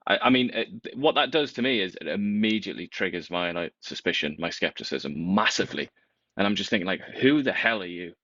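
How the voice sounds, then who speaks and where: A man giving casual political commentary, animated and sarcastic, often laughing as he talks. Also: low voice, fairly quick. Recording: dull lo-fi sound.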